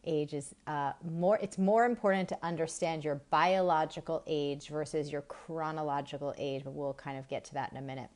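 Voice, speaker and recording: A woman's voice: low voice, fairly even intonation, moderate pace, hardly any pauses, darkish tone. Chatty woman hosting a live stream. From Massachusetts. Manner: chatty, laughing, greets viewers by name. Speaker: host of a live stream on women's hormones. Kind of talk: live stream chat with viewers.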